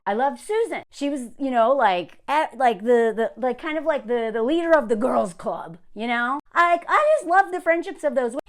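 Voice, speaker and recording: A woman giving an opinionated commentary rant to camera in a sarcastic, scornful way. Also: sits high. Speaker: commentary vlogger.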